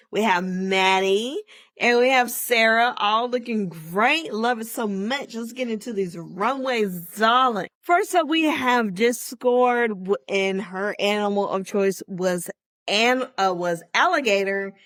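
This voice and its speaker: A woman's voice: mid-range voice, fairly bright tone. A woman hosting a podcast, giving a chatty, opinionated solo review with lots of asides and restarts. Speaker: podcast host reviewing a TV show. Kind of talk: casual solo review chat.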